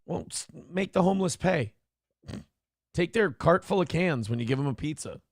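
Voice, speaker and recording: A man hosting a morning show, reacting to a clip with loud, profane mockery and shouting now and then. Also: on the high side, expressive, normal speed, dry recording, studio quality, faint music behind. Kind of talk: crude comedic commentary on a clip.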